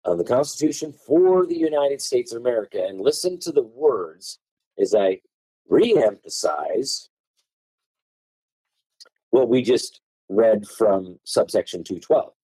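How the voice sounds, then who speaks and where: A man explaining law on a podcast, reading passages aloud and hammering key words with swooping, lively pitch. His voice is dark and slightly husky, recorded dry and close. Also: normal speed, no room sound, rough recording. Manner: emphatic, stresses key words with tone changes; reads legal texts aloud in a lecturing way. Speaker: podcast guest.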